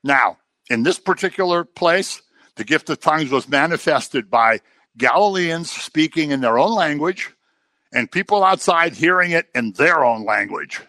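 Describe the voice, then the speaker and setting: A man preaching a sermon in a conversational, animated way, sometimes acting out the people he quotes. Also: fairly high pitch, moderate pace, dry recording.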